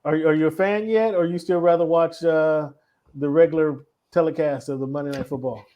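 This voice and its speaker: A man co-hosting a casual sports talk show, his voice sitting a little high for a man. He tells stories with energy and laughs often as he goes. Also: brisk, muffled recording. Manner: animated storyteller, laughs often. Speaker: podcast co-host.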